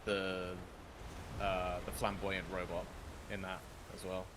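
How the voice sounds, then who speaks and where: A man chatting casually on a game stream, calmly correcting a friend's facts. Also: deep voice, takes it slowly. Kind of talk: casual chat.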